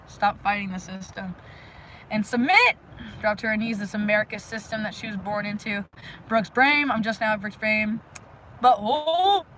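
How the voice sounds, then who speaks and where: A woman hosting a casual live stream outdoors, talking energetically and rambling to her viewers with lots of fillers and sudden loud bursts. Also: mid-range voice, fairly even intonation, moderate pace, a little hiss or hum, poor audio. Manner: frequent "like" fillers. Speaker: livestream host. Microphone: phone live stream.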